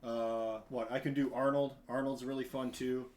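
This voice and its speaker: A man in his thirties, a podcast guest, chatting casually in a rambling, animated way and laughing often. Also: mid-range voice, normal speed. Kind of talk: casual chat.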